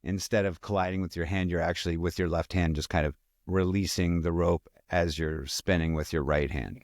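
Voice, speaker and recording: A man's voice: sits low, steady tone, a little fast, a little mellow, dry recording, clean studio sound. A man hosting a podcast, explaining things step by step in a friendly way. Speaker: podcast host. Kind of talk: casual interview.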